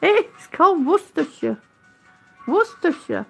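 A middle-aged woman chatting warmly with viewers on a live stream, a little out of breath, calling them honey and sweetie with drawn-out vowels. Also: high-pitched, faint music behind. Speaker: vlogger on oxygen.

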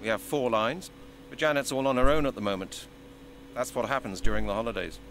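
A man's voice: medium pitch, brisk, fairly bright tone, close to an everyday voice. A man playing a dry, weary detective. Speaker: game character.

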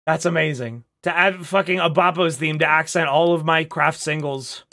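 A man streaming a game, talking casually to his chat and to a friend, excitable and profane, swinging from loud outbursts to low mutters. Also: moderate pace. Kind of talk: casual gaming commentary. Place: home streaming setup with green screen.

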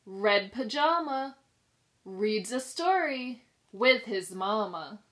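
A woman pre-K teacher reading a picture book aloud to young children, sing-song and expressive, pausing to ask them questions. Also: medium pitch. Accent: New York. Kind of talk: children's storybook read-aloud.

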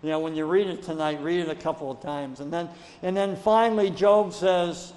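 In a sanctuary full of long reverb, a pastor with a fairly high male voice preaches a spirited sermon at normal speed with hardly any pauses. He often climbs into loud, urgent rhetorical questions.

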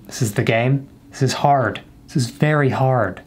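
A man's voice: medium pitch, a little slow, slight background noise. A young man casually commenting while playing a horror game, joking with the game and his viewers and sometimes dropping to a whisper. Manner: jokey, talks to the game and viewers, whispers when scared. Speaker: gaming YouTuber.

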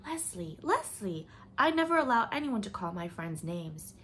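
A woman voicing a calm young wife who soothes her friend softly. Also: mid-range voice, moderate pace, slight background noise. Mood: gentle. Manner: soft and soothing.

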